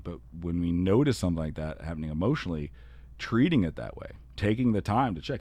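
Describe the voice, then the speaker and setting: A man with a very low voice talks through a solo podcast episode as an educator. He keeps it earnest and conversational and leans on "you know" and "kinda" as he explains. The sound is close and dry, with no room around it. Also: expressive, fast talker, dark tone, no room sound.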